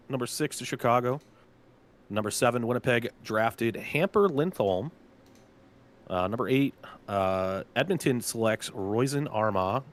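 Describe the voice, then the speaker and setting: A man, a team general manager, casually announcing draft picks with a chatty, loose manner and lots of filler words. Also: medium pitch. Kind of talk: casual live draft commentary.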